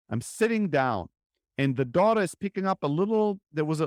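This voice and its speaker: A man's voice: medium pitch, dry recording, clean studio sound. A man hosting his own podcast, telling a personal story in an earnest, reflective way and often checking in with "right?". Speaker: podcast host.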